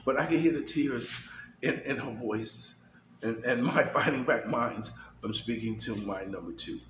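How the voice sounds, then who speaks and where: A man's voice: medium pitch, unhurried, a bit bright. A middle-aged man vlogging casually, rambling with many fillers and repeated words. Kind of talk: casual personal vlog. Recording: echoey room with faint noise.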